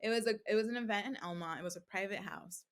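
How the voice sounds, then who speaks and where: A young adult woman guesting on a podcast, a crystal seller, tells her story fast in a medium-pitched voice. She's animated, acts out what people said, and leans constantly on fillers like "like."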